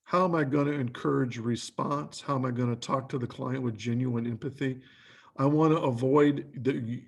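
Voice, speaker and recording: Husky man giving a training lecture. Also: mid-range voice, a little mellow. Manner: talks in lists of short questions; acts out quoted lines.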